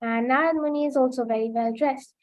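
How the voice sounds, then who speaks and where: A woman's voice: high voice, steady tone, fairly quick, low-quality recording. A woman teaching a children's class over a video call, telling a story and checking in with the kids. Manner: keeps asking "right?" to engage the children.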